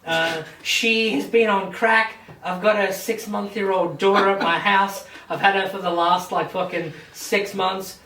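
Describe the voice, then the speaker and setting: A man's voice: high-pitched, steady tone, a little slow, hardly any pauses, sharp tone, a little hiss or hum, voice pushed up. A man doing a frantic father pleading in court. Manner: pleading, urgent, rising. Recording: echoey room, mic at a distance.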